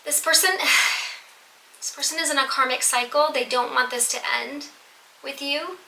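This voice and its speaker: A woman reads tarot cards for her audience in a high, very bright voice. She is earnest and emphatic and often repeats a phrase to drive it home. The room is echoey, with a faint hiss underneath. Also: moderate pace, gravelly. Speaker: tarot reader. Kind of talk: tarot reading to viewers.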